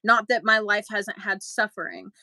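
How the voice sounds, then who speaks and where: A young adult woman, a podcast co-host, telling a story in casual chat and acting out quotes with big jumps in pitch. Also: fairly even intonation, moderate pace, bright, forceful tone, no echo, low-quality recording.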